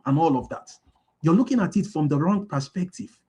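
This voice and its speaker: A man's voice: fairly high pitch, brisk, a little mellow, slightly rough. A man giving a motivational business talk, repeating key lines and asking his listeners to fill in the answers. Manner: asks the audience call-and-response questions. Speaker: business speaker.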